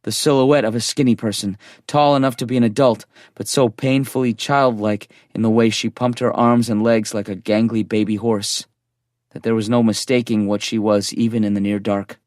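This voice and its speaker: A man's voice: mid-range voice, fairly even intonation, moderate pace, no echo, studio quality. Man narrating a tense audiobook. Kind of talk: scripted first-person audiobook narration.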